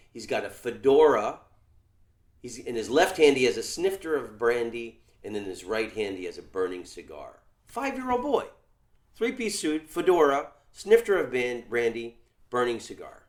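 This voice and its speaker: Rambling male comedian in echoey room. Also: medium pitch. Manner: rambling, halting, many fillers. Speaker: podcast host, comedian. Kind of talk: casual chat.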